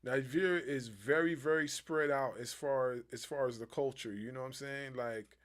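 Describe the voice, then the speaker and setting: A man from New Jersey hosting a casual interview, relaxed and conversational. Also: mid-range voice, normal speed. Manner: relaxed and conversational, with filler "you know".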